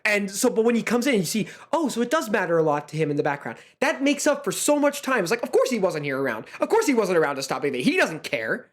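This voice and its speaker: Animated young host gushing over wrestling. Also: mid-range voice. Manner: rapid, animated, swearing freely. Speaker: podcast host. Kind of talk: excited wrestling recap chat.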